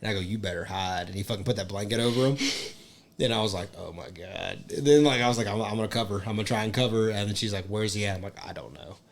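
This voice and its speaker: A man's voice: on the low side, steady tone, very fast. A young man chatting as a podcast co-host, telling stories in a laid-back, profane way. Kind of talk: casual chat.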